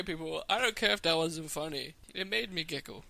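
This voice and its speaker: A young man with a very bright, forceful voice, bantering crudely and giggling as he co-hosts a casual podcast. His pitch sits a little high for a man. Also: a little fast, gravelly. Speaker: podcast co-host. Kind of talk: casual chat.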